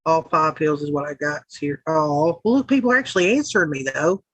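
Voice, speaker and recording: A woman's voice: low voice, a little fast, few pauses, breathy edge, no room sound, poor audio. A Southern woman hosting a livestream, chatting casually with a rambling, profane manner as she reads out viewer comments. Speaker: livestream host. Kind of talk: casual chat reading live comments.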